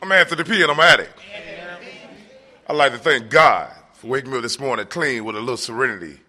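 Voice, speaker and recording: A man from Atlanta sharing at a recovery meeting, excitable and joking, swearing freely and laughing as he talks. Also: medium pitch, fast. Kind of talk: personal testimony at a meeting.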